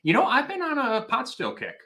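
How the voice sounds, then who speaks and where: A man's voice: very high-pitched, huge pitch swings, fairly quick, bright, forceful tone. A man from Wisconsin hosting a casual whiskey livestream, chatting animatedly and reading out viewer comments, with a self-deprecating streak and casual swearing. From Wisconsin, Milwaukee area. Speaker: whiskey reviewer, livestream host.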